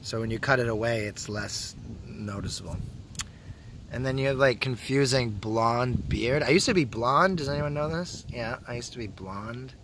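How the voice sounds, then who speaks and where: A young man from Canada rambling crudely through a casual vlog, joking a lot and often dropping to a hushed mutter, recorded outdoors in a public spot. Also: mid-range voice, moderate pace, noisy background. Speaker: vlogger.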